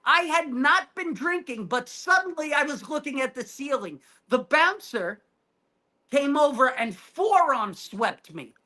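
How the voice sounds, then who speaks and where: A man telling a wild story as a guest comedian on a podcast, animated and profane, acting out his own shouting. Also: extremely high pitch, measured pace. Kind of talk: storytelling in casual chat.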